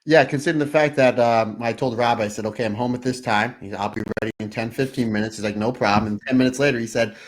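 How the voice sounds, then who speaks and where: Animated male podcast storyteller. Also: medium pitch, fast talker, few pauses. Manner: animated anecdotal storytelling with laughs. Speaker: podcast co-host. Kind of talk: casual podcast chat.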